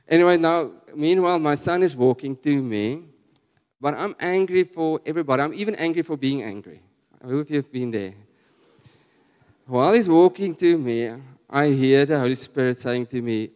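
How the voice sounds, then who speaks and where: A man's voice: fairly high pitch, normal speed, clear, resonant tone. South African man preaching in a reverberant church. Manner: conversational, animated storytelling with frequent restarts. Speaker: guest preacher. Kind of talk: sermon with personal story. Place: church hall. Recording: long church hall reverb.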